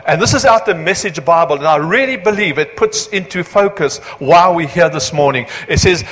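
A man preaching about missions to a church, earnest, with halting restarts. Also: fairly high pitch, lively intonation, fairly bright tone. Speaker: missions speaker. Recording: long hall reverb.

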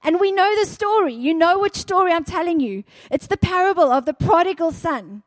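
A woman's voice: extremely high pitch, animated, brisk, no room sound. A woman preaching a sermon, telling a parable dramatically and acting out the characters' cries.

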